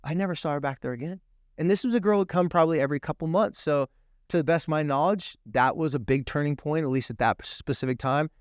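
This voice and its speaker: Guy guesting on a tv talk show, earnest and animated storytelling, dry close sound. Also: on the high side, quick pace, no room sound. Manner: animated, emphatic, acts out quoted dialogue. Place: TV studio.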